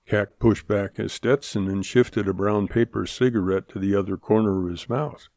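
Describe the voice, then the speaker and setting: A man narrating a western audiobook in a measured, plain storytelling delivery. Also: fairly low pitch, fairly even intonation, mellow, dry recording. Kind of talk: scripted narration.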